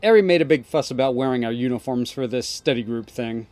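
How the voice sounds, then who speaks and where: A man's voice: medium pitch, brisk, darkish tone, no room sound, close to an everyday voice. A man voicing a sarcastic, bored teenage girl gang boss with an offhand way of talking. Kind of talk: reading game dialogue aloud.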